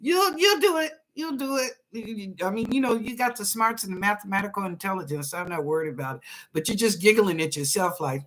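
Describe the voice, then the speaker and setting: A psychic reader hosting a live show, giving quick readings to viewers in a folksy, chatty, reassuring way and laughing often. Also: mid-range voice, animated, pushed and bright.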